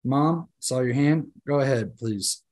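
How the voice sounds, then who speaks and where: A man's voice: medium pitch, a little slow, a little mellow. A man teaching a Bible study class in a conversational, emphatic way, often asking the group "right?" and restarting his sentences.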